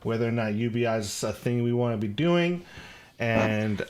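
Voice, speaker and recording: A man co-hosting a casual podcast, rambling with frequent restarts and quick asides. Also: mid-range voice, expressive, smooth. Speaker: podcast co-host.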